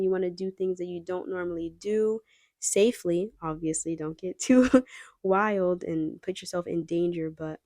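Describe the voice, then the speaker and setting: Low mellow woman, chatty tarot reader. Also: dry recording, clean studio sound. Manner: chatty and rambling, addressing viewers directly. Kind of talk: casual pick-a-card tarot reading.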